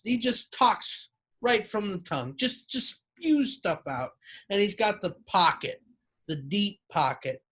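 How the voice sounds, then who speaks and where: A young man, a student comic, telling stories in a mock-earnest, self-deprecating stand-up set. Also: a little high. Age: young adult.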